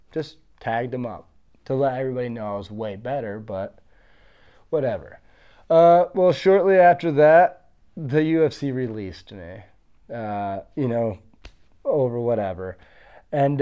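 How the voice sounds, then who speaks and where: A man's voice: medium pitch, mellow, clear, resonant tone, muffled recording. A man in his early thirties, a former fighter being interviewed, telling his story in a blunt, confident, boastful way. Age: 30s.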